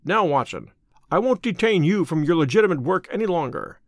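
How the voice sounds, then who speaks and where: A man reading the part of a composed, sharp detective in an audiobook, measured and precise. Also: a little high, expressive, no echo, clean studio sound. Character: sharp, calm male detective.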